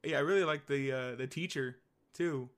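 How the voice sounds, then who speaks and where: A young man chats casually as a podcast co-host, his voice sitting at an ordinary middle pitch. He rambles enthusiastically, piling up fillers and restarts as he goes. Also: moderate pace, fairly bright tone. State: hiccups. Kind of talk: casual chat.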